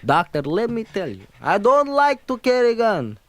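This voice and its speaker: A man's voice: high voice, huge pitch swings, normal speed, fairly bright tone, dry recording, full character voice. A man playing a fretful immigrant father with a Yiddish-inflected accent in a comedy album sketch, rambling and pleading. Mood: exasperated. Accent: Yiddish-inflected English.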